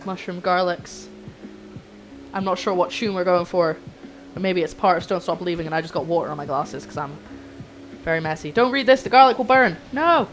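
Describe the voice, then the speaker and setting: Excitable young woman cooking on stream. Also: fairly low pitch, fast, soft background music, low-quality recording. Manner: excitable, flustered, chatty with chat. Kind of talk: casual cooking livestream chat.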